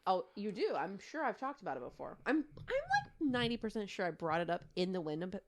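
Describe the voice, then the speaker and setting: A podcast co-host in her thirties recounts a true crime case in casual, chatty style, full of fillers and laughing asides. Her mid-range voice is brisk with huge pitch swings, over slight background noise.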